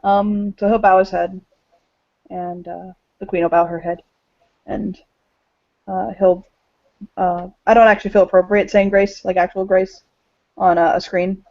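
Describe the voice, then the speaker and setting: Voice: medium pitch, level tone, measured pace, long pauses, dry recording. A game master narrating a tabletop role-play, hesitant with many fillers. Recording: dull, dry lo-fi audio.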